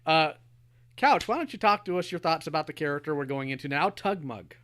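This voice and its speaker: A man hosting a podcast, chatting in an animated, playful way. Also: fairly high pitch. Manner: animated, playful, quick to laugh. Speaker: podcast host. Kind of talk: casual podcast chat.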